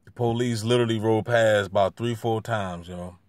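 A man vlogging from a street with a handheld camera, giving slangy running commentary that swings from low mutters to loud jeers. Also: fairly even intonation, normal speed, no echo. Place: outdoors by a street.

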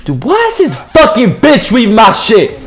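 A young man giving loud, profane gameplay commentary, trash-talking and often shouting. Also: extremely high pitch, wildly swooping pitch, normal speed, background noise. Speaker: gamer streaming gameplay.

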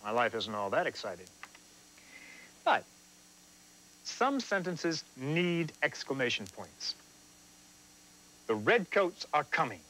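A man's voice: mid-range voice, sing-song, slow, pauses often, pushed and bright, slight background noise, rough recording. A man hosting a scripted TV writing lesson, explaining things in a dry, self-deprecating way. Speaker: teacher and host.

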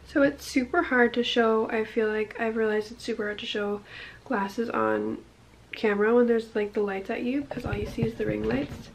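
A woman's voice: a little high, steady tone, normal speed. A young woman in her twenties chatting casually to camera as a vlogger, full of "like" and "um" fillers. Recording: faint background noise.

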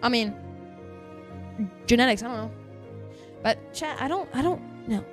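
A man with a high, youthful-sounding voice, chattering casually to his viewers during a live game stream and bursting into loud excited outbursts. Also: unhurried, soft background music. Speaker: game livestreamer.

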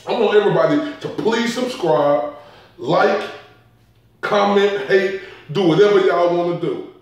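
Fired-up guy ranting and cussing on his vlog, high lively voice, real echoey room, sits back off the mic. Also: distant mic. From Dallas area. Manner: profane, heated ranting. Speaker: boxing commentary vlogger.

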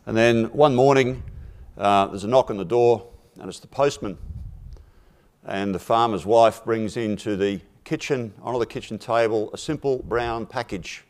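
A man speaking at a forum, telling a simple fable in a measured, deliberate way and dropping his voice for punchlines. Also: on the low side, darkish tone. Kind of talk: storytelling a fable in a talk.

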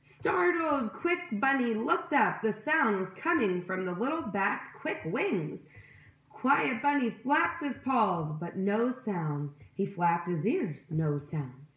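A woman's voice: mid-range voice, expressive, takes it slowly. A woman reading a picture book aloud to children, voicing animal sounds and asking her listeners questions. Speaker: storyteller. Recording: roomy echo.

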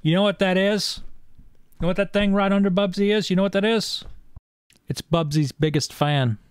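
A man's voice: sits high, moderate pace, clear, resonant tone, no echo. A young man streaming a video game, delivering sarcastic, profane, wisecracking commentary as he plays. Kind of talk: let's-play commentary.

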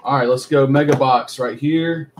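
A man's voice: mid-range voice, steady tone, moderate pace, slight background noise. Casual man calling out card pulls. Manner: rattles off player names, chatty asides, mild swearing. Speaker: card break host. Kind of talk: casual live commentary while opening card packs.

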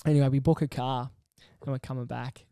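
A young man, co-hosting a casual podcast chat and telling an animated story while swearing freely. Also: mid-range voice, fairly quick, creaky, clear, resonant tone, no room sound, studio quality. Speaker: podcast co-host.

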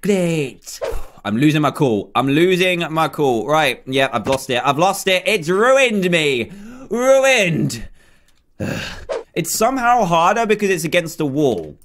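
A man's voice: on the high side, animated, normal speed, a bit bright, a little hiss or hum. A young man commentating his own game play, chatty, self-mocking and easily flustered. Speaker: gaming YouTuber.

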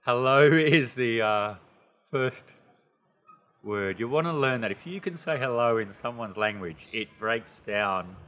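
A man's voice: fairly low pitch, in a large hall. Chatty Australian man teaching English. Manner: chatty, animated, playful delivery with many asides. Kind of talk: casual video lesson.

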